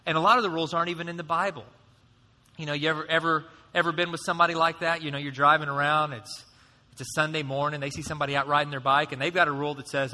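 A man preaching a sermon as pastor, in a conversational, animated way, acting out voices now and then. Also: fairly high pitch, rapid-fire, big-room sound.

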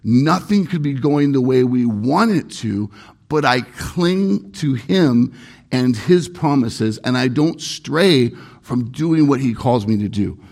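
A man preaches a sermon with earnest emphasis and leans on repetition to drive his points home. His voice is gravelly and a little husky, and it sits at an ordinary middle pitch. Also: expressive, slow, darkish tone. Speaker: pastor.

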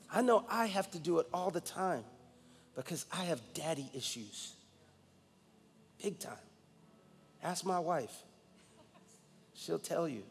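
A man's voice: on the high side, breathy edge, long reverb tail. A man in his forties from New York, a guest pastor preaching a sermon with emphatic personal storytelling. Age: 40s.

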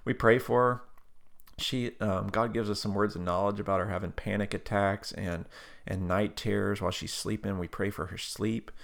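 A man with a low, gravelly voice tells a story in easy, conversational speech. His delivery is folksy and full of fillers and restarts. He often jumps into loud, animated bursts. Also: moderate pace. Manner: animated, breaks into loud excited quotes.

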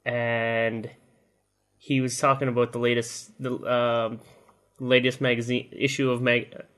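A man's voice: medium pitch, little pitch movement, unhurried, a bit bright. A man co-hosting a podcast, telling a story in a loose, rambling way. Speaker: podcast co-host. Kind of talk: casual chat.

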